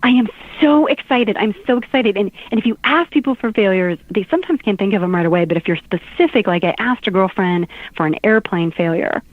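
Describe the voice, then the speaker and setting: This is a middle-aged woman on a talk show as a guest author, chatting casually and recounting funny stories with lively flair and frequent laughter. Her mid-range voice moves fairly fast with few pauses. The recording is dry but sounds tinny, like a phone line.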